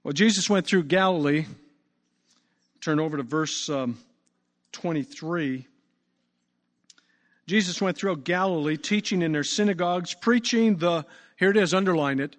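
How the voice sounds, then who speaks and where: A man preaching a sermon, emphatic, stretching key words out slowly. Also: a little high. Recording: long reverb.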